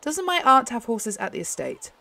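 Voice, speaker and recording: A young woman host chatting excitedly as she plays a game, often laughing. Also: fairly high pitch, normal speed, vocal fry. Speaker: gaming channel host. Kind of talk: casual gameplay commentary.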